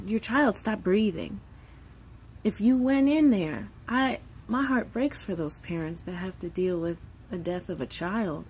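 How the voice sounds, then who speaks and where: Woman, 30s, mother vlogger: raw, heartfelt, foul-mouthed, light hiss. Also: mid-range voice. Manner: candid, emotional, swears freely, acts out quoted voices. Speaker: mother of three. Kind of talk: casual vlog monologue.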